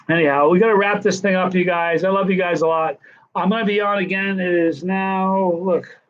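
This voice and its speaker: A man in his sixties hosting a casual live stream Q&A, telling stories in a chatty, animated way. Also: sits high. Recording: dull lo-fi live stream audio.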